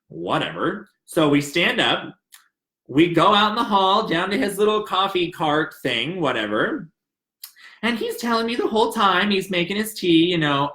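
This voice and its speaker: A man telling a personal story in a chatty, animated way, acting out the conversations. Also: fairly high pitch, moderate pace. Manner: chatty and animated, acts out dialogue. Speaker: narrator. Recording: roomy echo.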